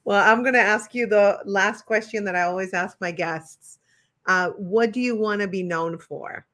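A woman's voice: mid-range voice, moderate pace, sharp tone. A woman hosting an interview in casual chat, affirming and enthusiastic toward her guest. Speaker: interview host.

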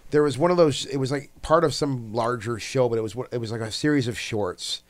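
A man's voice: mid-range voice, brisk. Rambling, swearing man. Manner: rambling, trailing off and restarting, swears freely. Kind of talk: casual chat.

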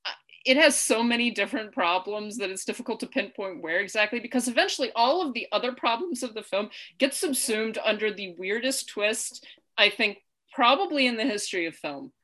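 A woman with a bright, forceful voice, chatting casually as a co-host. She sits a little high in pitch and talks in an animated way, often laughing and swearing as she acts out lines. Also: a little fast. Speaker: podcast co-host. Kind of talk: casual chat.

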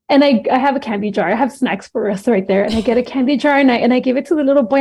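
A woman's voice: high voice, fast talker, hardly any pauses, breathy edge. A woman in her thirties, a podcast guest, telling a story in casual chat and acting out what people said. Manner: animated storyteller acting out quotes, frequent laughs.

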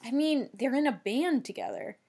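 A woman co-hosting a casual podcast chat, recapping a TV episode in an animated, chatty way with casual swearing. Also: high-pitched, normal speed, husky. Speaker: podcast co-host.

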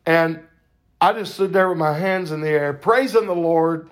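An older man hosting a podcast, telling a faith testimony in a fervent, preacher-like way with drawn-out emphasis. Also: on the high side. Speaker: podcast host.

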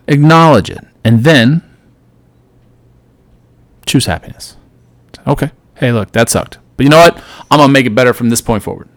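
Middle aged guy doing a solo podcast pep talk, earnest, dry close mic, pitch right in the middle. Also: no room sound. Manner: earnest motivational, swings loud and soft. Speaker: podcast host.

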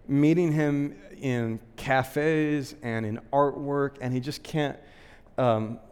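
A man's voice: medium pitch, clean tone. Chatty man preaching in a reverberant hall. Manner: chatty, frequent "like" and "um" fillers, laughs lightly. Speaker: pastor. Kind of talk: casual conversational sermon.

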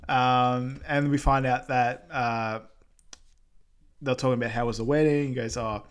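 A man's voice: medium pitch, steady tone, measured pace, smooth. A man, co-hosting a casual podcast, recapping a film in an easygoing way. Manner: easygoing, lots of ums and agreeing murmurs. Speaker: podcast co-host.

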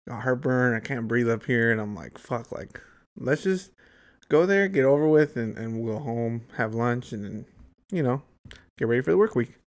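A man's voice: medium pitch, animated, moderate pace. Young man telling a profane story. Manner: profane, rambling, heavy use of "like" and "dude". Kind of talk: casual storytelling chat.

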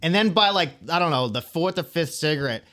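A man in casual chat with friends, telling a rambling, profane story and loudly acting out what people said. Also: a little high, lively intonation, a little fast.

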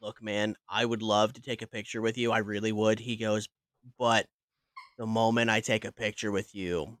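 A man's voice: on the low side, level tone, normal speed, fairly bright tone, no echo. A man co-hosting a horror podcast, telling a celebrity anecdote in casual, swearing chat. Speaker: podcast host.

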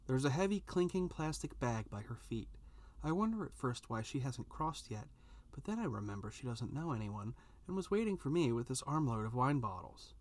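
A man reading a first-person story aloud, with an expressive delivery that rises at tense moments. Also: medium pitch. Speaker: narrator.

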